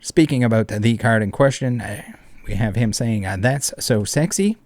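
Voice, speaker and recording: A man's voice: on the low side, moderate pace, darkish tone, no echo. A man hosting an online commentary video, ranting in an indignant, profane, emphatic way. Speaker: commentary channel host.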